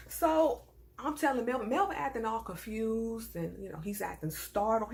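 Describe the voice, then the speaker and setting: A young woman from the American South with a Southern accent, telling a personal story in a casual, animated and indignant way. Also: a little high, normal speed. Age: young adult. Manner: animated, indignant, swings between hushed asides and raised outbursts.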